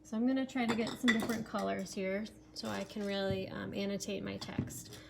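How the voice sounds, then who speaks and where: A woman's voice: mid-range voice, flat delivery, a little fast, gravelly, heavy background noise. A woman teacher giving a recorded remote lesson, explaining step by step with many fillers, sometimes turned away from her computer mic.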